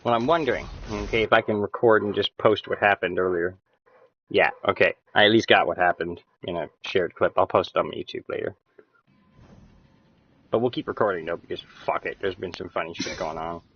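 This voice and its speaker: A man casually commenting on a co-op game he is streaming, excitable and swearing, breaking into loud yelps. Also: low voice, brisk, slightly rough, dull audio. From Canada. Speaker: gamer streaming co-op play.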